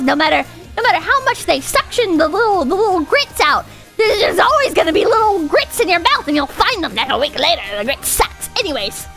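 Very high-pitched, lively woman streamer. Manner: rambling, profane, giggly, with frequent restarts. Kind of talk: casual livestream storytelling.

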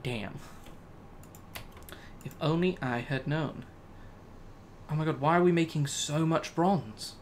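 A man's voice: fairly high pitch, slow, pauses often, slight background noise. A man giving casual Let's Play commentary, talking to himself and laughing at his own mistakes. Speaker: gaming YouTuber.

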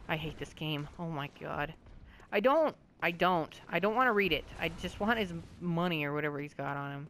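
A man's voice: fairly high pitch, lively intonation, brisk, a bit bright, a little hiss or hum. A man giving casual let's-play commentary, joking and swearing at enemies, his voice a bit sore from talking all day. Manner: jokey, rambling, self-mocking.

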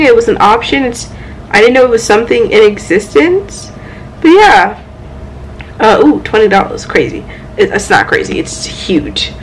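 A young woman chatting casually at home about her manga haul, excitable and playful, with loud exclamations and quick asides. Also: on the high side, slight background noise, poor audio. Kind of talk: casual chat.

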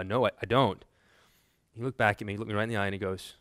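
A man's voice: fairly low pitch, a little fast, a bit bright, clear, resonant tone, no echo. A man from Texas teaching a seminary class. He tells personal stories in a conversational way, with frequent ums and restarts, and builds to emphatic lists. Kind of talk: classroom lecture with personal anecdotes.

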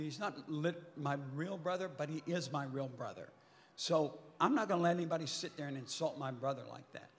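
Older man telling stories in a reverberant hall. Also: on the high side. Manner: animated raconteur, swears, shouts at peaks. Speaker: convention panel guest. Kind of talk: storytelling Q&A on stage. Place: large convention hall.

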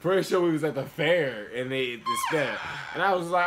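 A man's voice: a little high, fairly quick, background noise. A young man co-hosting a reaction video, chatting casually in a laid-back way with laughs and swearing. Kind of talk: casual chat.

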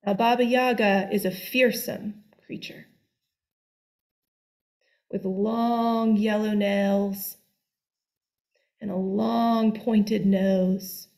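A woman telling a folk tale aloud in a slow, deliberate, expressive way. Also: medium pitch, vocal fry. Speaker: storyteller. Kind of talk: storytelling.

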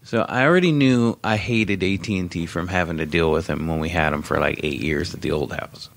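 A man with a very low, deep voice tells a rambling story in casual chat, swearing freely and joking at his own expense. The sound is close and dry, with no room around it. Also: fairly quick, vocal fry, dry recording. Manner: profane, rambling, wry. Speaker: podcast co-host.

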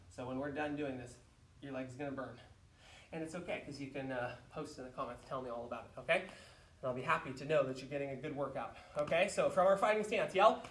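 A man leading an online martial arts class, explaining stances and shouting counts and drill commands. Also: on the high side. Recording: roomy echo, mic far off.

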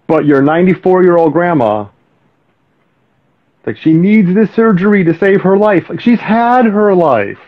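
A man's voice: high-pitched, animated, a little slow. A man hosting a live stream chat, blunt and casual, swearing freely. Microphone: video call. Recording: dull lo-fi live stream audio.

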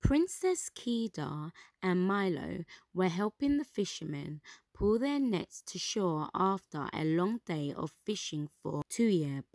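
A woman reading a storybook aloud to children, gentle and expressive. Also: lowish voice, takes it slowly, dry recording, studio quality.

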